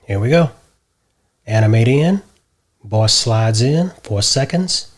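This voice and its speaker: A man hosting a screen-recorded software tutorial, explaining each step and often adding a checking "right?". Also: medium pitch, expressive, slow pace. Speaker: tutorial host.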